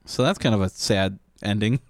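A man's voice: lowish voice, moderate pace, no echo, studio quality. A man co-hosting a casual comedic podcast, trading crude one-liners and wisecracks. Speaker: podcast co-host.

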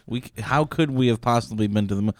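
A man co-hosting a podcast in casual chat, making absurd jokes in a deadpan way. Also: medium pitch, fast talker. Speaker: podcast co-host.

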